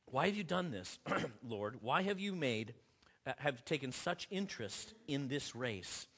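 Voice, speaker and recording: A man preaching a sermon, building to forceful peaks and dropping low again, with frequent restarts. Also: expressive, a little slow. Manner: impassioned preaching, rising and falling in force, with restarts. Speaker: pastor.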